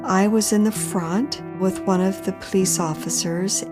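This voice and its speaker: A woman's voice: mid-range voice, fairly even intonation, measured pace, over music. A middle-aged woman earnestly recounting a personal ordeal, acting out the people she met as she tells it. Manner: earnest, emotional retelling with quoted dialogue. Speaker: interviewee recounting her story. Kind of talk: personal storytelling.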